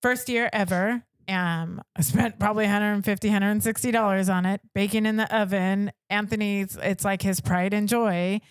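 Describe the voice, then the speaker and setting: A woman's voice: mid-range voice, normal speed, hardly any pauses, clean tone, no room sound. A middle-aged woman tells a family story on a podcast, slipping into little voices for the people in it. The sound is close and dry, with no room around her. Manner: animated, acts out quotes with voices. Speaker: podcast co-host. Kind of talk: casual chat, storytelling.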